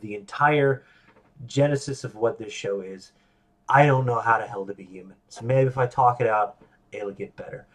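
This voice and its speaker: A man's voice: on the low side, moderate pace. A man hosting his own podcast, talking in a rambling, self-deprecating way, restarting his sentences and acting out voices in quotes. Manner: animated, acts out quoted voices. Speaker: podcast host. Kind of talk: casual solo monologue.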